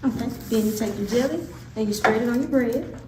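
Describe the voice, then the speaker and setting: Woman crafts host, casual and instructive, slightly high voice; echoey room, far mic, background hiss. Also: brisk. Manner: chatty, instructive. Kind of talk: casual how-to demo. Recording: echoey room, distant mic, clear noise.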